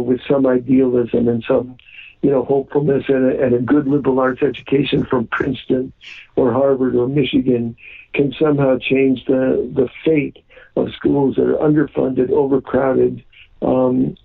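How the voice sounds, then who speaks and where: Gravelly, husky man, guest on a radio interview, earnest, phone-line sound. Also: mid-range voice. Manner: earnest, with many ums and restarts.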